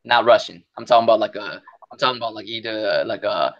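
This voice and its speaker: A man's voice: fairly low pitch, fast, highs cut off. A man co-hosting a podcast, telling stories in casual slang and often saying "cuz" and "you know what I'm saying.". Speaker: podcast co-host. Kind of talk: casual chat.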